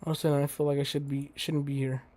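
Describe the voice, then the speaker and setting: A man's voice: on the high side, level tone, rapid-fire, darkish tone. A young man playing a game on stream, reading its text aloud and breaking off into crude, joking asides. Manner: crude, joking asides between read lines. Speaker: let's play host. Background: faint game music.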